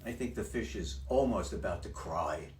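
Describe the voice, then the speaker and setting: A man's voice: low-pitched, lively intonation, moderate pace, a little hiss or hum. Man reading aloud with wry asides. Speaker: storybook reader. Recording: roomy sound from a distance.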